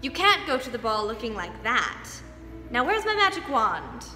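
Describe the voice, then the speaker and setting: A woman's voice: a little high, very animated, moderate pace, bright, forceful tone. A woman voicing a kindly, flustered older fairy godmother in a storybook reading, with a fussy cooing manner. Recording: echoey studio hall, faint music.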